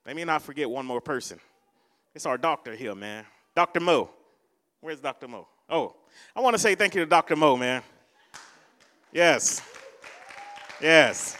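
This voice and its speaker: A man's voice: on the high side, lively intonation, unhurried, pauses often, pushed and bright, big-room sound, some chatter behind. A man preaching a sermon in a church, exhorting and repeating his points. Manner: repetitive, exhorting, switches languages. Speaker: pastor.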